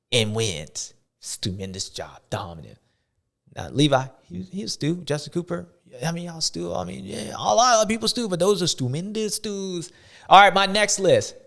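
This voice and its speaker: A man hosting a show, giving playful, slangy, rambling sports commentary. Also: sits high. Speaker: show host.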